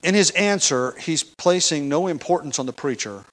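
A man's voice: fairly high pitch, animated, moderate pace, a bit bright. A man teaching a Bible passage in a conversational sermon, with restarts and rhetorical questions. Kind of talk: expository sermon.

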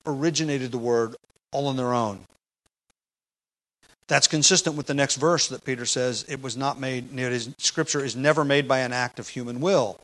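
A man's voice: mid-range voice, rough recording. Man preaching an expository sermon. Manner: rises to loud emphatic delivery when quoting scripture; measured teaching pace with fillers.

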